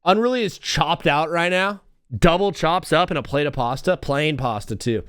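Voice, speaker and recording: A young man hosting a live radio talk show, his pitch leaping up and down as he rants. He sounds excitable and self-mocking and hops from topic to topic. The sound is close and dry, with no room echo. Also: moderate pace, smooth.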